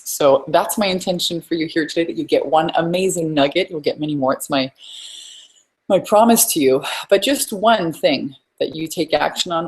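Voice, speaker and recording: Low-voiced upbeat woman coach. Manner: effusive, upbeat, chatty with the audience. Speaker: business coach hosting a webinar. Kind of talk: live webinar presentation.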